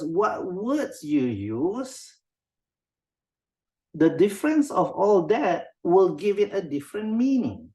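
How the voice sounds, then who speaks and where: A man's voice: a little high, a little mellow. A man with a Malaysian accent teaching a class on writing quotes, calling on students by name and checking in with them often. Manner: code-switching, often checks in with a questioning "yeah?". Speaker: writing instructor. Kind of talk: interactive classroom lesson.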